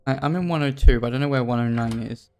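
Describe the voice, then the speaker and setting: A man's voice: medium pitch, fast talker, darkish tone. A man chatting casually while playing a horror game, laid-back and teasing, swearing freely. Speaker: let's play co-host. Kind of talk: casual gaming chat.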